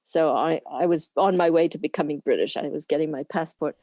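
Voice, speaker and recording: An older woman, a former camera assistant, chatting as an interview guest and telling lively stories with frequent laughs. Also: low voice, a little fast, no echo, clean studio sound. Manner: lively anecdotal storytelling with laughs; acts out quoted people in put-on voices. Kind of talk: casual interview reminiscing.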